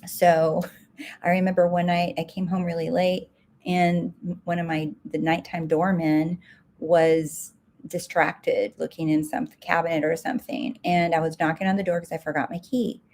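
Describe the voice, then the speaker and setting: A woman's voice: on the low side, level tone, normal speed, darkish tone. A woman success coach answering viewer comments live, direct and emphatic, repeating her key points.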